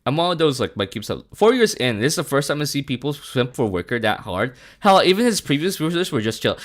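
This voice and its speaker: A man from the Philippines, chatting casually on a live stream, animated and laughing often, swearing and saying bro a lot. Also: fairly high pitch, brisk, hardly any pauses.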